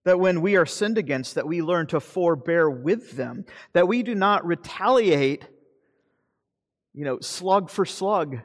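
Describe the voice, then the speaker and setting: A man preaching a sermon as pastor, earnest, slowing for emphasis and then speeding up. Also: sits high, expressive, long reverb tail. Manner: earnest preaching, shifting between slow emphasis and quick asides.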